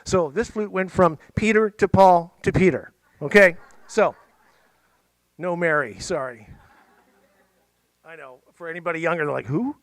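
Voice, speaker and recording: A man's voice: a little high, measured pace, pauses often, no room sound. Chatty male storyteller, dry close sound. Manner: chatty, jokey, playful asides. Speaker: musician and storyteller. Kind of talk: casual storytelling to a library audience. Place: library event room.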